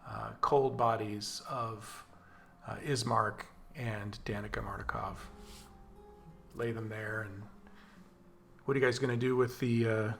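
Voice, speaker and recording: A man as game master, narrating a tabletop game in a descriptive, unhurried storytelling way. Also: mid-range voice, fairly bright tone.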